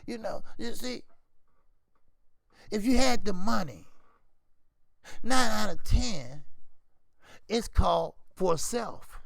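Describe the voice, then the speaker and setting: A man's voice: sits high, slow, creaky, long pauses, no room sound. A man, older, hosting a boxing channel, giving casual opinionated commentary in a preachy, repetitive way. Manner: animated, preachy, repeats "you see?".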